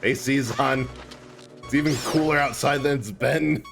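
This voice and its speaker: A man's voice: mid-range voice, steady tone, measured pace, vocal fry, fairly bright tone. A young man live streaming a game, chatting and laughing with his chat while putting on a cobbled-together Scottish accent, recorded at home. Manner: chatty, laughs often, talks to chat by name. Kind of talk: casual gameplay stream chat. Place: hot room at home. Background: game music.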